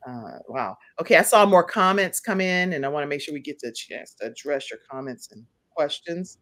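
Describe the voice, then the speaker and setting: A woman hosting a live talk show, upbeat and encouraging, spelling out details slowly for her listeners. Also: low voice, animated, fairly bright tone.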